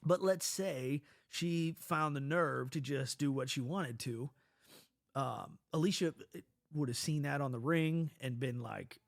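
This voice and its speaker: A stuffy-nosed man tells a personal story straight into the mic, his voice sitting a little high for a man. He rambles and swears freely, restarting sentences as he goes. The sound is close and dry. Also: a little slow, vocal fry, dry recording. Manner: profane, rambling, animated, with many restarts. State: stuffy from a cold. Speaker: parent telling a personal story. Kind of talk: casual storytelling monologue.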